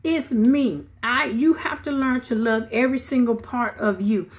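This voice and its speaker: A middle-aged woman giving casual motivational advice to her viewers, animated and chatty with asides. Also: on the high side, measured pace. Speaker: vlogger giving life advice. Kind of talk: casual motivational talk to camera.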